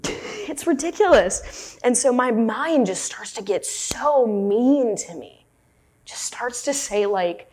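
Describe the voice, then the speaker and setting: A woman's voice: high-pitched, big pitch swings, a little slow, darkish tone. A woman giving a dharma talk, telling a personal story in a candid, self-deprecating way. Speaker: meditation teacher.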